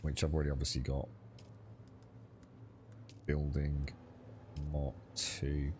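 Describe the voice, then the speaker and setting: A man's voice: a bass voice, monotone, slow, mellow, a little hiss or hum. A young man chatting casually while playing a co-op game with friends, thinking aloud and laughing easily. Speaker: gamer streaming co-op play. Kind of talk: casual gaming chat.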